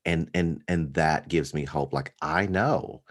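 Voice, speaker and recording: A man who is a pastor, talking thoughtfully about his sermon in a casual conversation, pausing often with ums and lifting his voice on key points. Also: a bass voice. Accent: African American. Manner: thoughtful, pausing with many ums, rising with emphasis.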